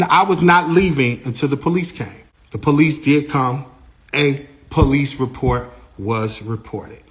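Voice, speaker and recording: A man, a manager, giving a lively first-person account of an incident, his voice rising and getting louder as he gets heated. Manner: animated, grows louder and higher when heated.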